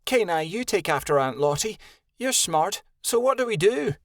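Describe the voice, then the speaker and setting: A curious young she-wolf, played by a male narrator whose voice sits well above his usual pitch. She sounds questioning and observant in a dry audiobook reading. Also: big pitch swings, normal speed, fairly bright tone, no echo, heavily acted. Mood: unsure.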